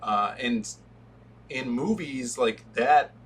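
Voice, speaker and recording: A man co-hosting a casual movie review chat, relaxed and hesitant, with frequent ums. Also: medium pitch, takes it slowly. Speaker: podcast co-host. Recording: distant mic with faint background noise.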